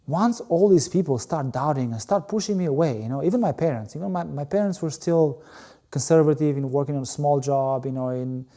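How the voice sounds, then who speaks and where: Man, mellow emphatic storyteller. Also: fairly high pitch, brisk. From Albania. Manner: emphatic, repeats words, frequent "you know". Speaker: interview guest, former volleyball player. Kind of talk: animated storytelling in conversation.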